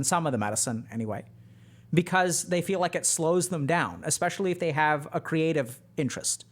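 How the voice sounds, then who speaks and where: A psychiatrist giving reaction commentary on a TV episode, explaining things and speaking directly to viewers. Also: mid-range voice.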